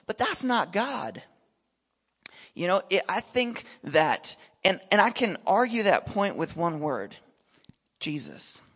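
A man preaching a sermon in a conversational, animated way, firing off rhetorical questions. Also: sits high, takes it slowly, slightly rough. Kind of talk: sermon with personal storytelling. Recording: echoey hall, dull lo-fi sound.

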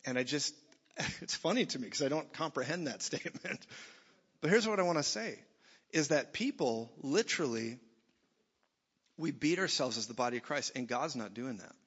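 A man preaches with a bright, forceful, somewhat high voice, blunt and jokey, jumping between loud bursts and quiet passages. His voice rings with long reverb through a church hall, and the recording sounds a little dull and muffled. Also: moderate pace, pauses often, husky. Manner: animated, blunt, jokey, swings from loud to soft. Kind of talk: sermon.

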